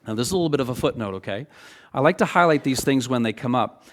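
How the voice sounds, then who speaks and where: A middle-aged man preaching a sermon as pastor, talking in a loose, animated, conversational way and often checking in with "okay?". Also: medium pitch, fast.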